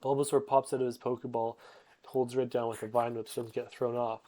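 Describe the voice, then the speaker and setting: A man's voice: mid-range voice, flat delivery, quick pace, warm tone. A man giving a rambling, casual retelling of a comic, full of fillers and restarts, loosely voicing the characters. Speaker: narrator summarizing a comic.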